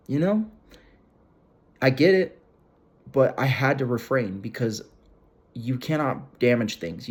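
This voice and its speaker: A man's voice: mid-range voice, darkish tone, slightly rough. A young man talking straight to viewers in a casual advice video, blunt and emphatic, coaching them in everyday slang and repeating his points. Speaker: self-help video host. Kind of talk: direct-to-camera advice talk.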